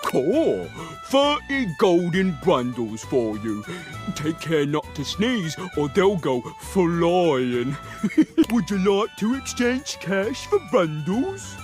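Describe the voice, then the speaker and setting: A chirpy coin merchant. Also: male voice, a little high, very animated, slow, over music. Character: cheery male merchant with a put-on voice.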